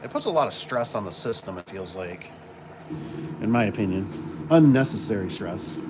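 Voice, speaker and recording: This garage door installer talks loosely through his work vlog, filler-heavy and rambling as he handles tools on the job. He has a lowish voice with lively intonation and a moderate pace. The backdrop is work-site noise with passing vehicles.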